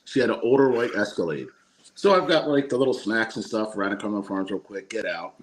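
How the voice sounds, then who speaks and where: A man's voice: on the low side, fast talker, crowd noise. A man in casual podcast chat, telling funny anecdotes and laughing as he acts out what people said. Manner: laughs through his stories, quotes people.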